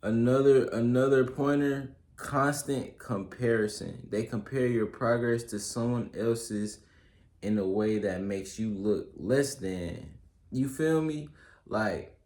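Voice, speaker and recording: A man's voice: mid-range voice, slow pace, a little mellow. A young man giving casual advice, working through a list of pointers in a loose, slangy style full of fillers and check-ins. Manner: loose slangy delivery, many fillers and "you feel me"; works through a list of pointers, reading some aloud. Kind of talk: casual solo advice talk. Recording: roomy echo.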